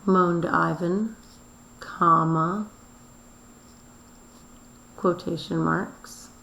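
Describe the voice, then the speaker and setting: Teacher, female, unhurried delivery, recorded in a roomy space. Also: lowish voice, fairly even intonation, vocal fry, pushed and bright. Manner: slow, deliberate explanation, spelling words letter by letter. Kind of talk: recorded classroom review lesson. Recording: roomy echo.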